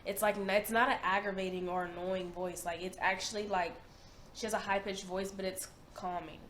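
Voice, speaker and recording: A woman's voice: mid-range voice, fairly even intonation, a little fast, fairly bright tone. Chatty young woman reacting to a video, slangy and emphatic, roomy echo with faint hiss. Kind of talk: casual chat reacting to a video.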